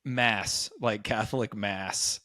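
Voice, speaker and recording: A man's voice: fairly low pitch, slow pace, no room sound, studio quality. A man co-hosting a podcast, telling college stories in casual chat and acting out the voices of the people in them. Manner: animated storyteller, acts out quoted voices. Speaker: podcast co-host.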